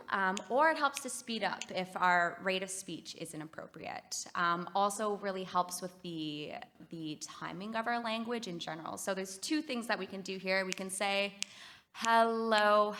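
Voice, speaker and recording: A Canadian woman talks to a conference audience about music therapy. Her voice is bright and forceful. She is upbeat and encouraging as she leads the room through simple exercises. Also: medium pitch, slight background noise. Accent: Canadian English. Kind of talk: conference presentation. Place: conference hall.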